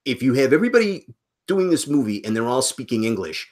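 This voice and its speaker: A man's voice: mid-range voice, very animated, fast. A middle-aged man co-hosting a casual podcast livestream, grumbling about movies in a self-mocking way. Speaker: podcast co-host. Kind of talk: casual chat.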